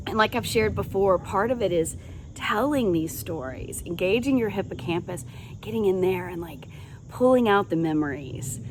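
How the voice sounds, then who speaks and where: A woman's voice: medium pitch, noisy background. A middle-aged woman hosts a podcast and tells funny stories from her own life in a casual, folksy way. Her voice rises and falls a lot as she goes, and she laughs often. Faint room sound sits behind her. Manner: chatty, folksy address to listeners. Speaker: podcast host. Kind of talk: casual storytelling monologue.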